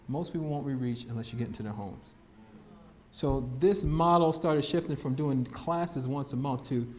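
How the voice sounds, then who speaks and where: A man shares a testimony. He tells it with plenty of animation, acting out the voices in his story and breaking into laughter, in a voice sitting a bit high for a man. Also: darkish tone, a little hiss or hum. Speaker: guest speaker.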